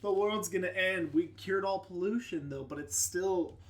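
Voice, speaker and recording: A man's voice: high-pitched, normal speed. A man in a casual podcast chat, joking and sardonic. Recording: distant mic.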